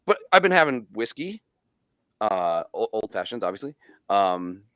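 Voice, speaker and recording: A man's voice: on the low side, moderate pace, smooth, no room sound, studio quality. A man, co-hosting a podcast and telling stories in casual banter, swearing freely. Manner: swearing, storytelling, animated. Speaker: podcast co-host.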